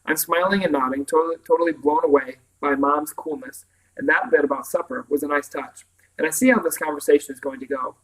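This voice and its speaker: Guy reading a story out loud, first person, calm steady telling, voice a bit on the high side. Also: brisk, rough recording. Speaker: audiobook reader. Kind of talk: first-person audiobook narration.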